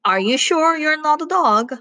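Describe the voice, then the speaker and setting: A big, gentle cow who is sure she is a hen, speaking with proud, wide-eyed innocence in a storybook, as a woman puts her on. Her voice leaps high and lively. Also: unhurried, full character voice.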